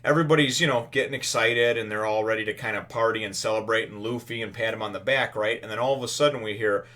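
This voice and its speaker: A man with a somewhat low voice hosts a casual manga chapter review. He rambles through the plot with plenty of "uh" and "you know". Now and then he playfully acts out the characters' lines. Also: fast talker, bright, forceful tone. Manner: rambling, filler-heavy retelling with playful voiced-out character quotes.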